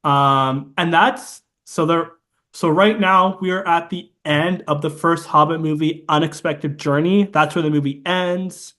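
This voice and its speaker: A man's voice: on the high side, fairly even intonation, a little slow, a bit bright. A man co-hosting a podcast, recapping a film in casual, rambling chat and imitating its sound effects. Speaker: podcast co-host.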